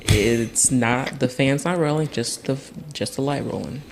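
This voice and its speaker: A young man from Tennessee, a podcast guest, telling a childhood story in a casual, animated way, laughing and acting out other people's voices. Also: medium pitch, measured pace, a little hiss or hum.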